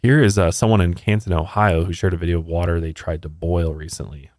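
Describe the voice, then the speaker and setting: A man's voice: low-pitched, fairly even intonation, quick pace, a little mellow, no echo, studio quality. A man co-hosting a podcast in casual chat, blunt and indignant, swearing freely. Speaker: podcast co-host.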